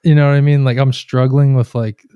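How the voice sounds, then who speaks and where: A man's voice: medium pitch, brisk, smooth, no room sound, highs cut off. A man co-hosting a podcast, telling long rambling travel stories in casual chat and acting out the people in them. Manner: rambling storyteller, animated retellings. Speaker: podcast co-host.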